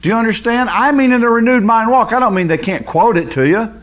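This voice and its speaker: Emphatic high-voiced male Bible teacher. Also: fast talker, a bit bright. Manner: emphatic, repeats words for stress. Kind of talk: teaching sermon.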